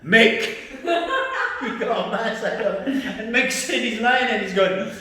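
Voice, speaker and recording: A man's voice: very high voice, slow pace. A middle-aged man telling profane stories in casual talk, acting out other people's lines with sudden swings in his voice. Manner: animated, acts out others' lines with big swings in voice. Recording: very roomy echo, faint background noise.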